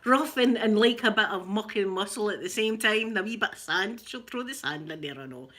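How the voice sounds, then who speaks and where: A Scottish woman with a rough voice, chatting casually and laughing as she tells stories to viewers on a live stream. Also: mid-range voice, animated, brisk, fairly bright tone. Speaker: livestream host chatting with viewers.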